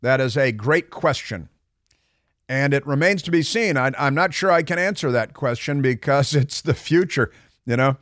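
A man's voice: mid-range voice, lively intonation, moderate pace, a bit bright, no room sound, studio quality. A man hosting a talk radio show, commenting in a sarcastic, mocking way with frequent restarts.

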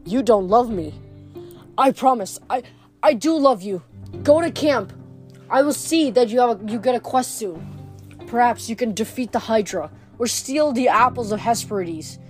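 A woman reading aloud, voicing a weary, torn male god who speaks softly and haltingly to his son. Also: on the high side, lively intonation, soft background music, close to an everyday voice. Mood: pleading.

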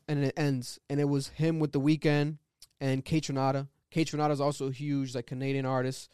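A man talking in casual chat, animated and rambling, laughing often. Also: mid-range voice, brisk, clean tone, dry recording, clean studio sound.

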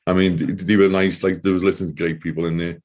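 A man speaks in a very deep, husky voice with a dark tone. He gives emotional personal testimony, halting and repeating words as he struggles through it. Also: level tone. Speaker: interview guest, former soldier.

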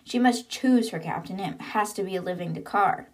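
An eager, talkative male engineer aboard an old submarine, voiced by a woman in her own everyday register. He rattles on with enthusiasm about the ship's machinery. The pitch sits in an ordinary middle range. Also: normal speed, close to an everyday voice.

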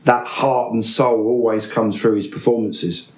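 A man, an actor guest telling animated anecdotes on a podcast. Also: lowish voice, a little slow, echoey room. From England. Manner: animated storyteller, name-dropping with laughter.

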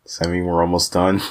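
A man's voice: low-pitched, fairly bright tone. A man co-hosting an anime podcast, talking in an easygoing, joking, hedging way. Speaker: podcast co-host. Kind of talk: casual chat.

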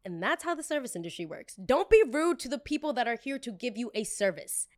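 A young adult woman hosting a storytime vlog, telling it in a gossipy, animated way full of quick asides. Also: on the high side. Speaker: host.

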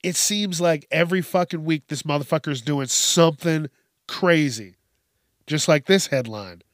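A man's voice: on the high side, moderate pace, no echo, clean studio sound. A man hosting a casual news commentary show, swearing constantly and laughing at his own stories.

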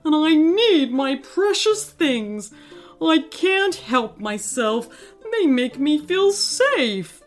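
A woman voicing a whiny male troll janitor who hoards children's things and pleads in a slow, wailing way. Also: high-pitched, very animated, faint music behind, pitched above the performer's own voice, full character voice. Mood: pleading.

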